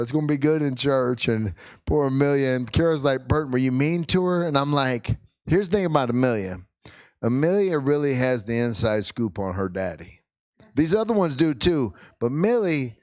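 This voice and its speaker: A middle-aged man, a pastor, telling a funny family story from the pulpit, jumping into high excited yelps as he acts out what people said. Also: no room sound. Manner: animated, acts out quotes with sudden high-pitched yelps. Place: church sanctuary.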